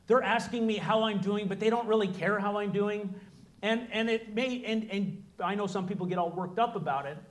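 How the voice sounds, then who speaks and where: A man giving an earnest, explanatory talk to a live audience in a room, now and then acting out short bits of dialogue. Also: sits high. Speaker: presenter.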